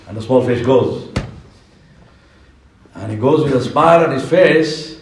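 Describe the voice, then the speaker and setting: A male preacher, animated and joking as he tells a parable. He is heard from well back in a mosque hall full of echo. His voice sits at an ordinary middle pitch. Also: unhurried, long pauses, a little hiss or hum. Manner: animated storytelling with humorous asides. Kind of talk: sermon. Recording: echoey mosque hall from far off.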